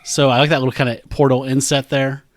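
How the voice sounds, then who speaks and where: A man's voice: medium pitch, flat delivery, fast, dry recording. Dry-humored man recapping a comic. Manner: dry humor, recaps plot and reads captions aloud. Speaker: podcast co-host. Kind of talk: casual comic book review chat.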